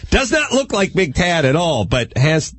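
A man hosting a talk radio show, telling a long comic story in a rambling, animated way. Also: on the high side, a little slow, slightly rough, dry recording. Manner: animated, rambling, acts out quotes.

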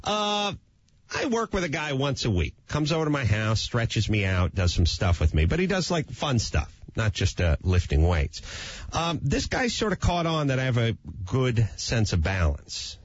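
A man, a talk show guest, telling a playful, self-mocking comic anecdote in a husky voice. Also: medium pitch, sing-song, normal speed, muffled recording.

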